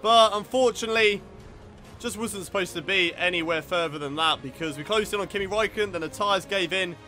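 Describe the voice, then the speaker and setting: A man's voice: sits high, a little fast, sharp tone, faint music behind. A young man commentating live on his own racing game, getting frustrated and swearing at it. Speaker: gaming video host.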